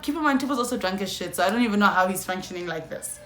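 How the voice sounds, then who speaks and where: A young South African woman telling a storytime vlog, animated and slangy, often calling out to her viewers. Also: mid-range voice, rapid-fire, few pauses, slight background noise. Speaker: YouTuber. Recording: echoey room.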